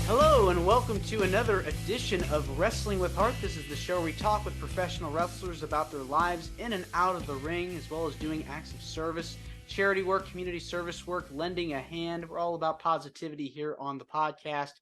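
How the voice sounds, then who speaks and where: A man's voice: fairly high pitch, fairly quick, hardly any pauses, over music. A man hosting an interview podcast, upbeat and friendly with short reactions. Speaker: podcast host.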